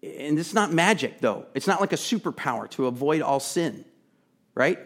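A man preaching a sermon, earnest and emphatic, chatting with asides and sometimes dropping to a soft, pleading voice. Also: a little high, lively intonation, moderate pace. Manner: drops to a soft, intimate tone to plead. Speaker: pastor.

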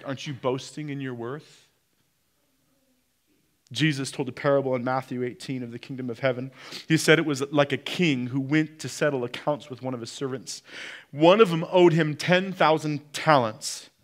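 A man preaching a sermon, swinging between loud peaks and quiet drops, and putting direct questions to the congregation. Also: mid-range voice, normal speed. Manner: preaching with sharp rises and drops in loudness. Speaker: pastor.

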